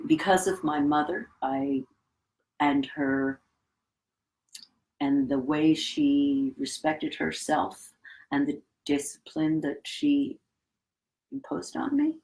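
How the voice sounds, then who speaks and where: A woman's voice: extremely low pitch, a little mellow, poor audio. A middle-aged woman, a conductor, telling a reflective anecdote in a casual interview. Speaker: guest, orchestra conductor.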